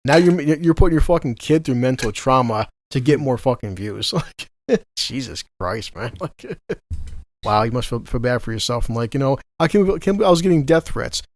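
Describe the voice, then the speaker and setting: A man's voice: mid-range voice, lively intonation, moderate pace, a little mellow, no room sound. A man in his thirties co-hosting a casual podcast, ranting with heavy profanity and bursts of laughter. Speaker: podcast co-host.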